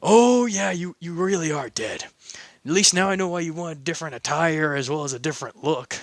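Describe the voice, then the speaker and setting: Casting: brash bossy teen boy, blunt and brisk, lively pitch, voiced by a man. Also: dry recording, lightly acted.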